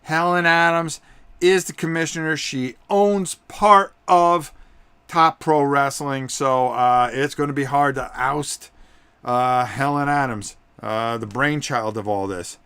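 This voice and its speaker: A man hosting a live tabletop wrestling game, commentating in an excitable, rambling way with many fillers. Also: medium pitch, clean tone, no echo.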